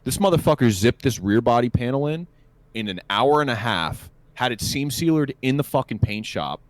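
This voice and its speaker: A man's voice: mid-range voice, normal speed, no room sound. A man co-hosting a podcast, telling a work story in a casual chat with lots of swearing. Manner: profane, animated storytelling. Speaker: podcast co-host.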